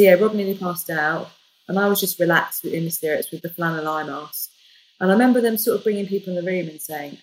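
Woman, fairly low voice, animated storyteller, quick to joke. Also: a little hiss or hum, poor audio. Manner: lively, jokey, animated retelling. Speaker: guest. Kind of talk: casual storytelling.

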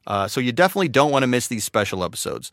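A man's voice: medium pitch, big pitch swings, very fast, fairly bright tone, no echo, clean studio sound. A man reading an ad for his podcast in a casual, bantering, upbeat way. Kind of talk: casual ad read.

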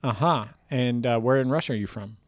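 A man's voice: mid-range voice, fairly quick, no echo, clean studio sound. A man co-hosting a comedy podcast, playfully prodding his partner with questions. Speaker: podcast co-host. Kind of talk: casual comedic podcast banter.

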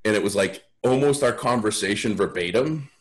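A man's voice: on the low side, lively intonation, moderate pace. A man guesting on a podcast, telling stories in a blunt, frank way and often restarting his sentences. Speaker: podcast guest, sales author. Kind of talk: casual storytelling.

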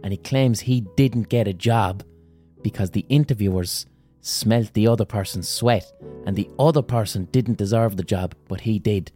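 A man's voice: fairly low pitch, normal speed, dark tone, faint music behind. A man, hosting a podcast and telling a crude comic story in a rambling, self-amused way. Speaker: podcast host.

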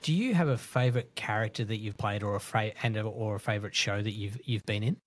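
Podcast host, man, rapid delivery, cheerful and curious. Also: fairly low pitch. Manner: upbeat, brisk, curious. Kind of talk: casual interview chat.

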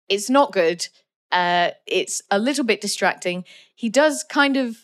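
A woman co-hosting a casual film review show. She chats loosely, with plenty of fillers, at an everyday mid pitch. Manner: chatty, full of "like" and "um" fillers. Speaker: film podcast co-host.

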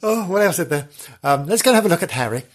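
Fussy, easily frightened woman roving reporter, high and lively, with a husky edge, as a man puts her on. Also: quick pace. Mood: jittery. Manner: dithery, fussy, easily spooked. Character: nervous middle-aged woman ghost-hunting reporter. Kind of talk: comic audio sketch.

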